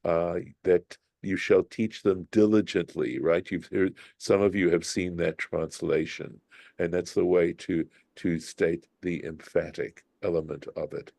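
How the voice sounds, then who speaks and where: A man leading a Bible study class, explaining Hebrew grammar slowly and thinking aloud with frequent restarts. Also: low-pitched, flat delivery, gravelly, darkish tone, no room sound.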